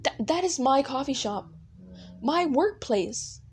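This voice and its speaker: A woman's voice: high voice, expressive, takes it slowly, pitched above the performer's own voice, exaggerated voice. A woman voicing a flustered young wife in a fan audio role-play, stammering as she protests. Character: flustered young woman resisting a controlling husband.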